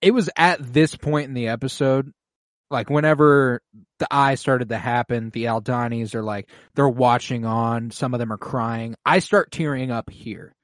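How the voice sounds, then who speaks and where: A man co-hosting a casual podcast, recapping a TV episode excitedly, swearing often and using lots of fillers. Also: medium pitch, normal speed, no room sound. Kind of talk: casual chat.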